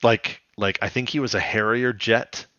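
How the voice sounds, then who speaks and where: Man, casual podcast chat, giggly, bright tone, dry sound. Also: fairly low pitch, steady tone, moderate pace, dry recording, muffled recording. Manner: rambling, giggly, puts on jokey quotes. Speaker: podcast co-host.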